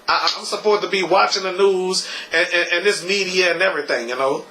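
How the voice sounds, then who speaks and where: A man's voice: high voice, a little fast, bright, forceful tone, a little hiss or hum, rough recording. A young man vlogging casually, stammering and repeating his words, and ending lines with "you know" and "okay.". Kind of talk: casual tribute vlog.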